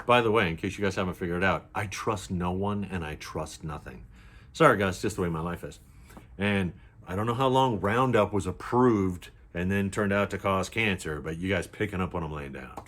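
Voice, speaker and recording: A man's voice: low voice, fairly bright tone. An older man talking casually to his viewers, blunt and chatty, often checking that they follow along. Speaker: preparedness vlogger. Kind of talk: casual to-camera talk.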